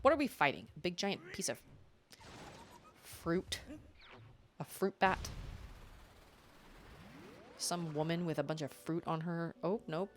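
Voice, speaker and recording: A woman's voice: fairly low pitch, pushed and bright, a little hiss or hum. A woman streaming a video game and chatting casually as she plays, often exclaiming and laughing. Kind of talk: casual let's-play commentary. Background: faint game music.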